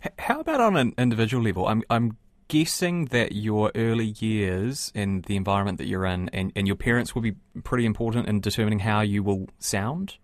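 A radio interviewer from New Zealand asking quick, lively questions with small stammers. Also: medium pitch, no echo.

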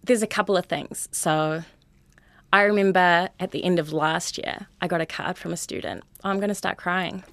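A woman's voice: on the low side, fairly even intonation, moderate pace, dry recording. Earnest young New woman teacher. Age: 20s. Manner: earnest, chatty, full of "like" and "you know". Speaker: high school teacher. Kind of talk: candid interview.

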